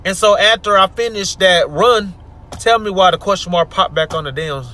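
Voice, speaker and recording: A man's voice: moderate pace, a little hiss or hum. Fed-up man venting in a car. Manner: frustrated venting, swings between loud outbursts and low mutters. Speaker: vlogger. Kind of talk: story time vlog rant.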